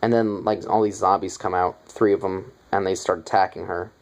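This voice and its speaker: A man's voice: low voice, steady tone, normal speed, low-quality recording. A young man casually retelling a movie's plot in a review, rambling with lots of fillers and offhand asides.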